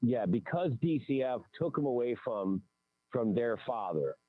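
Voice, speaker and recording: A man's voice: mid-range voice, animated. Male caller on a tinny phone line. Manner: laid-back, halting storytelling with fillers. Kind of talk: casual phone-in talk.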